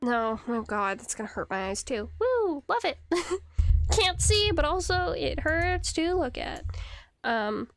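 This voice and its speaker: Her high voice is sing-song and slow, with no echo. A young woman streaming a game from her home computer, she rambles and giggles while casually responding to her chat.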